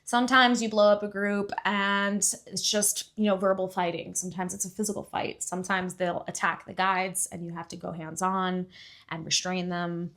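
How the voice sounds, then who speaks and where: A young woman telling a story in casual chat, rambling with many fillers, sometimes dropping to a hush and then getting loud. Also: lowish voice, little pitch movement, normal speed. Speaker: podcast guest.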